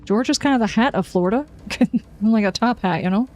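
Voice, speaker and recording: There's faint music behind this woman's slightly mellow, high-side voice as she talks fairly quickly. While streaming a game, she keeps up a chatty, wry running commentary, responding to viewers and reacting to what happens.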